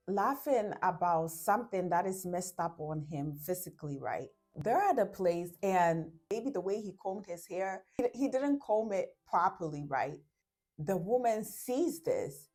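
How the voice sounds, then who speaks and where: A woman talks through relationship advice in a relaxed vlog, her voice sitting a little low. She walks through examples, slips into quoted lines, and keeps asking "right?" Soft music plays faintly underneath. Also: measured pace. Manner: explains with examples and acts out quotes, often tags "right?". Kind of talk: casual advice talk to camera.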